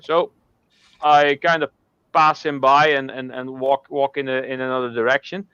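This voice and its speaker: A man's voice: medium pitch, little pitch movement, sharp tone, clear, resonant tone, dry recording, muffled recording. Man rambling through a long joke. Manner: rambling, halting joke-telling. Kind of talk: casual storytelling.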